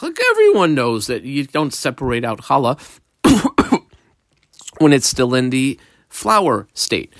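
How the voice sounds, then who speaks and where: A man's voice: mid-range voice, wildly swooping pitch, slow pace, fairly bright tone, dry recording. A man teaching a Talmud page, reading Aramaic phrases and translating them into casual English with frequent fillers. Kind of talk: daf yomi lesson.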